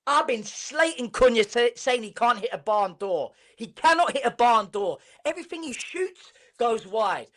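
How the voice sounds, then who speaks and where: A man ranting on a live football reaction stream, animated and mocking, swearing freely. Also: extremely high pitch.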